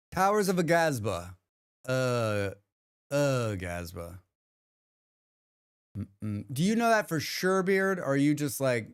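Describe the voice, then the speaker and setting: Smooth-voiced man chatting on a game stream. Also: medium pitch, sing-song, takes it slowly, long pauses. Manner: rambling, restarts sentences, chats with viewers. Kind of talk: casual livestream chat.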